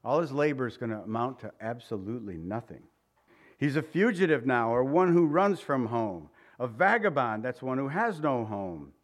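A man preaching a sermon, swinging between loud emphasis and soft, quiet lines, asking the congregation direct questions in a conversational way. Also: medium pitch, big pitch swings, normal speed. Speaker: pastor.

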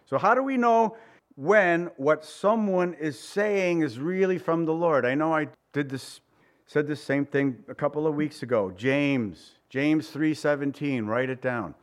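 A man preaching a sermon in a conversational way, asking his listeners questions and acting out quoted voices. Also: measured pace. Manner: conversational, asks the congregation questions; acts out quoted voices with big pitch swings. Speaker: pastor.

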